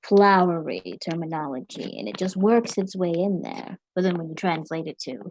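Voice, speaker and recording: A woman's voice: on the low side, expressive, moderate pace, a little mellow, slight background noise, low-quality recording. Woman playing a languid, refined cat aristocrat. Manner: languid, calls others darling.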